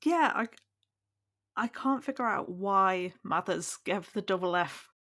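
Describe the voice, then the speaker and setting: A woman's voice: mid-range voice, a little slow, a bit bright. A woman co-host in a casual, chatty book discussion.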